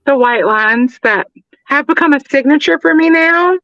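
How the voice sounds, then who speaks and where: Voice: sits high, normal speed, pushed and bright, no echo, muffled recording. A drag performer guest, laid-back and hesitant, repeating words. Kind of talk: casual chat.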